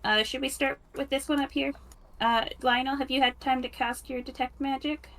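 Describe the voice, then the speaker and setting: A woman's voice: high-pitched, steady tone, moderate pace, a bit bright. A woman playing in a tabletop game, chatty and giggly.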